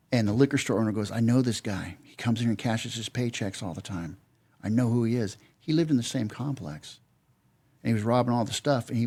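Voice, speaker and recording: A man's voice: lowish voice, a little mellow. An older man telling a story as a podcast guest, plain-spoken and acting out both sides of past conversations. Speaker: podcast guest, security veteran. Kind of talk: casual storytelling.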